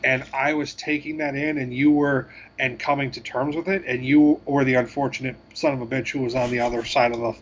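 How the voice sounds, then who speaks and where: Podcast guy rambling about games, mid pitch, dullish mic w a little hiss. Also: little pitch movement, lo-fi sound. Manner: rambling, self-deprecating, halting with fillers. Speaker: podcast co-host. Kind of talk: casual chat.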